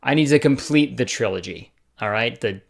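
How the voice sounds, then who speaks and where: A man's voice: mid-range voice, animated, normal speed, gravelly. Sarcastic young man riffing on camera. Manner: sarcastic, swears, laughs often. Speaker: comedy video host. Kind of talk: casual comedic commentary.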